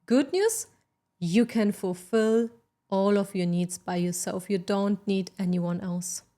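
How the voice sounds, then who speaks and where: A woman's voice: medium pitch, slow pace, warm tone. A woman hosting a self-help podcast, giving an emphatic motivational talk with sarcastic asides.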